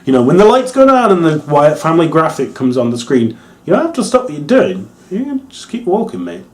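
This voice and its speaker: A man's voice: a little high, huge pitch swings, brisk. A young English man with an English accent giving a rambling, casual wrestling review, laughing often and swearing freely. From England.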